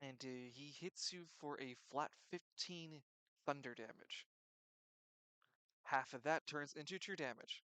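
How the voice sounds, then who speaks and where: A young man narrating a tabletop game as game master, animated, swinging between loud and quiet and stumbling over his words. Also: on the high side, unhurried, clean tone, no echo, poor audio.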